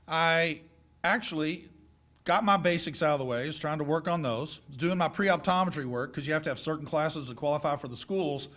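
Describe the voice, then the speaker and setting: A middle-aged man giving a folksy, joking speech of advice to high school seniors. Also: fairly bright tone. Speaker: guest speaker.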